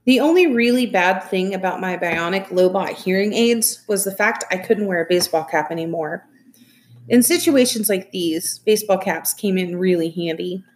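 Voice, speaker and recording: A woman reading a novel aloud in soft, steady storytelling. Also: mid-range voice, moderate pace. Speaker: reader.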